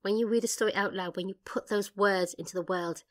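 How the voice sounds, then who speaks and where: A woman playing an anxious young librarian haunted by stories, in a horror audio drama trailer, hushed and pleading. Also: medium pitch, fairly even intonation, brisk, close to an everyday voice. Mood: tense, hushed.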